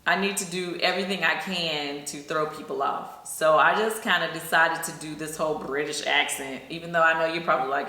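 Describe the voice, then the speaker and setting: Bright-voiced woman chatting. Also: sits low, fairly quick, hardly any pauses. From Atlanta, Georgia. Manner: chatty, full of "you know"s. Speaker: singer and vlogger. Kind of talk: casual behind-the-scenes chat. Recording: echoey room, faint music behind.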